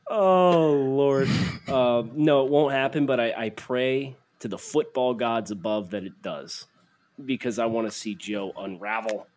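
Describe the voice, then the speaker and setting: A man's voice: mid-range voice, steady tone, normal speed, a little mellow. A man co-hosting a casual sports podcast, reading listener takes and teasing his co-host.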